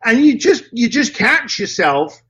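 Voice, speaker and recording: A man telling anecdotes in an interview, acting out dialogue in a lively way with casual slang and mild swearing. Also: very high voice, measured pace, lo-fi sound. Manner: lively, acts out both sides of dialogues. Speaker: interview guest. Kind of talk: anecdotal storytelling.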